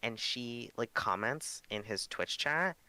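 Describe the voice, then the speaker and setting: A young podcast co-host tells stories in casual, animated chat and swears freely. His mid-range voice takes its time, with no echo.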